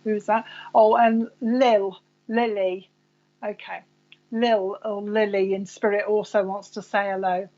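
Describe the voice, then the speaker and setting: A woman's voice: medium pitch, flat delivery, a little slow, a little mellow, muffled recording. A woman psychic medium giving live readings to viewers, chatty and rambling, calling people by name.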